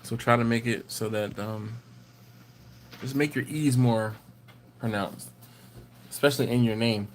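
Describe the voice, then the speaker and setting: A man hosting a barbecue livestream, chatting casually and reading viewer comments aloud, with a rambling, animated storytelling manner. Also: mid-range voice, a little slow, long pauses, slight background noise. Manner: rambling storyteller, animated when telling anecdotes.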